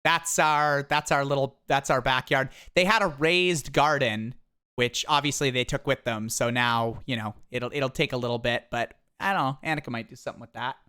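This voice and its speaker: Smooth-voiced streamer chatting from home. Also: mid-range voice, moderate pace. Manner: rambling, with restarts and animated quips. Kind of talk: casual live-stream chat. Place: home office.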